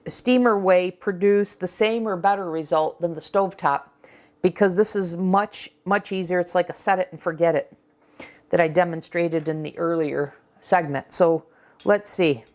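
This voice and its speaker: A woman hosting a casual cooking vlog, talking chattily with fillers and restarts as she runs a taste test. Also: mid-range voice. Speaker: cooking channel host.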